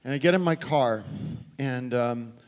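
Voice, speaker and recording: An American man doing a stand-up comedy set on a theater stage, talking in a halting, deadpan way full of restarts. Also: mid-range voice, smooth. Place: theater stage before a live audience. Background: audience laughter.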